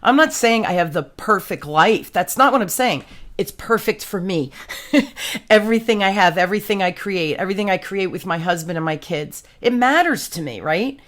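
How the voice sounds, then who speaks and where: Woman podcast host, casual chat, animated storyteller, exclamatory and slangy. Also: mid-range voice, moderate pace.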